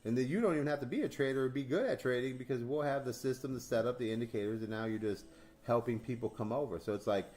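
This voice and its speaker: A man hosting a crypto stream in casual chat, telling animated stories, acting out dialogue, swearing and laughing often. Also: medium pitch, fast.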